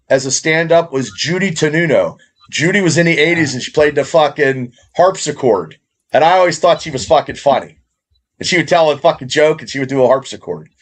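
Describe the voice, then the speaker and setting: A middle-aged man co-hosting a podcast, talking casually with lots of swearing and rambling. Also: a little high. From Indiana, USA. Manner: profane, rambling, fast. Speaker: podcast co-host.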